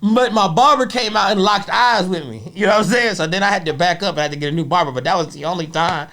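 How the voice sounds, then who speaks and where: A man's voice: high-pitched, quick pace, pushed and bright. Loose, rambling male comedian guest. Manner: loose, rambling storytelling with frequent laughs. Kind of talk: casual interview chat.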